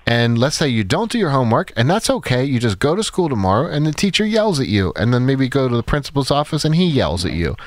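A calm man hosts a call-in advice show on the radio, patient and validating as he walks a caller through examples. His voice sits at a middle pitch, and the studio sound is close and dry, with no room echo. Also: fast talker, hardly any pauses.

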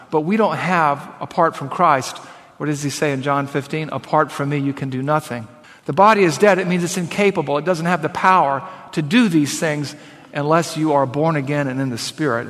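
A man preaching a sermon as pastor, emphatic, slowing down to read scripture aloud. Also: fairly high pitch, a bit bright, in a large hall.

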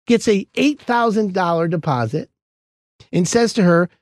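Host, male, high and very lively delivery, dry close sound, storytelling chat. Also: moderate pace, no echo. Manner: animated, acts out quoted dialogue. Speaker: podcast host, home contractor.

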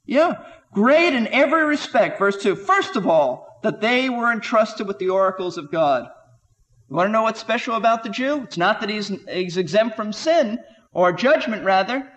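Emphatic high-voiced male Bible teacher. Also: expressive, normal speed, a bit bright, in a large hall. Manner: emphatic, rhetorical questions, quotes scripture with rising voice.

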